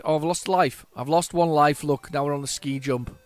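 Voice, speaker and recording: A man hosting a retro gaming channel, giving chatty, excitable gameplay commentary with jokey, self-mocking asides to his viewers. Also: on the high side, normal speed, few pauses, dry recording. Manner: excitable, chatty, talks to viewers while playing.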